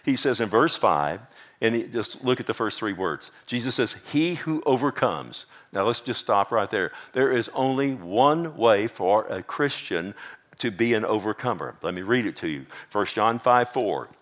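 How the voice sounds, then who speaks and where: A male pastor preaching a sermon, emphatic, repeating key points, reading scripture verses slowly and often asking his listeners "amen?". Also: fairly low pitch, lively intonation, a bit bright.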